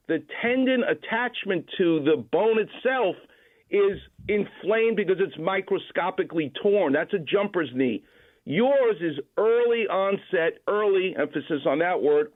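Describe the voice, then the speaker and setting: A man, a doctor calling in as a guest, explaining medical advice in a confident, precise, instructive way over the phone. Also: high-pitched. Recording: tinny phone line.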